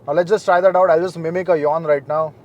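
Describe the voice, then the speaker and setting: A young man presenting a car review in a measured, matter-of-fact way. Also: fairly high pitch, fairly even intonation, a little mellow.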